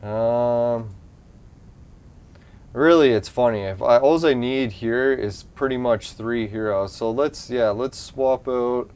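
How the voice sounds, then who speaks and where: A man hosting a gaming channel talks to himself in casual commentary, cursing and growing frustrated as his team loses. His voice is mid-range, slow, and a little mellow. Game music plays clearly underneath.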